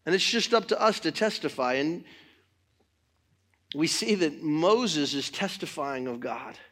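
A middle-aged man preaching a sermon in church, swinging between loud exhortation and quiet talk. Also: fairly high pitch, animated, a little slow. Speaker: pastor.

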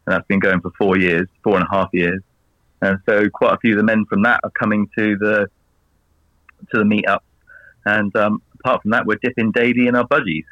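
A man's voice: on the low side, fairly even intonation, a little fast, no room sound, muffled recording. An English man chatting casually as a guest, rambling and laughing at his own jokes. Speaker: guest on a video call. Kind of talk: casual chat.

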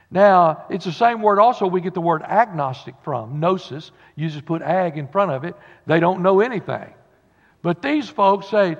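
A man's voice: sits high, animated, normal speed. A man, a pastor preaching a sermon to his congregation in a folksy, conversational way. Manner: folksy preaching with Southern turns of phrase. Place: church sanctuary. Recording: dull sound in a long-reverb sanctuary.

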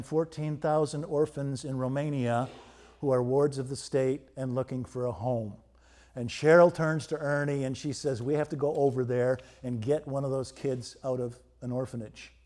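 A pastor preaching a storytelling sermon, swinging between loud emphasis and quiet, hushed moments. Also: male voice, mid-range voice.

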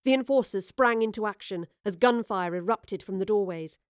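A woman narrating an audiobook in a measured, clear storytelling voice. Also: medium pitch, no echo, studio quality. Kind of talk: scripted narration.

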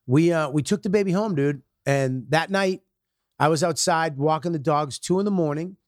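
A man who is a comedian guest telling stories in a profane, animated way, acting out quotes. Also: fairly high pitch, moderate pace, no room sound, clean studio sound. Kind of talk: casual storytelling.

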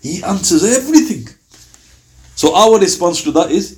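A man's voice: a little high, animated, brisk, a little mellow. A man giving a religious lecture on early Islamic scholars, telling stories with quoted dialogue. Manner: storytelling with acted-out quotes.

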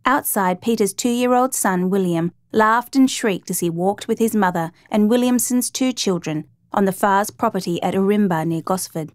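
A woman narrating a true rescue story in a measured, dramatic reading. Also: medium pitch, no room sound.

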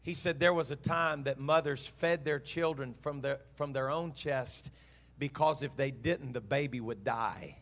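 A man preaching to his congregation in an earnest, heartfelt way. He tells the story by acting out both sides of a conversation, and his pitch sits in an ordinary middle range. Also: measured pace, a bit bright. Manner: earnest storytelling preacher, voices God and himself in dialogue. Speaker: pastor. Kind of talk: sermon.

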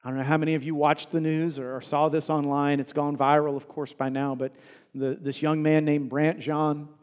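A man's voice: on the high side, flat delivery, moderate pace, clean tone. Earnest male pastor preaching in a hall. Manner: earnest, rising to emphatic peaks then dropping soft. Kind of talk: sermon.

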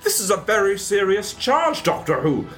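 A man voicing a pompous male judge with a grand, mock-serious courtroom delivery, pitched well above his own voice. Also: very animated, normal speed, fairly bright tone, faint music behind. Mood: mock-solemn.

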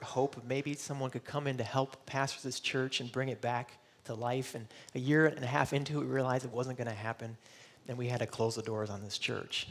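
A middle-aged man from Michigan preaching a sermon, earnest and personal, voicing searching questions and at times close to tears. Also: mid-range voice. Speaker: pastor.

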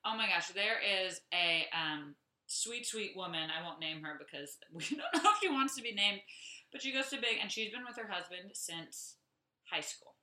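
Chatty woman podcast co-host, bright voice. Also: medium pitch, lively intonation, moderate pace, roomy sound. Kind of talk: casual podcast chat.

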